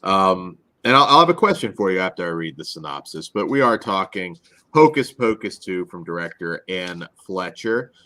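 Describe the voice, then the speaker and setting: Lively deep-voiced male podcast host. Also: normal speed. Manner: animated, reads synopsis, frequent laughs. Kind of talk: casual review chat.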